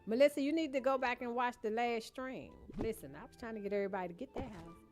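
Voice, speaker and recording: A woman's voice: a little high, fast, a little mellow, faint music behind. A woman live-streaming a cozy decorating game, chatting casually with her chat, greeting and thanking viewers by name, teasing them playfully and laughing often.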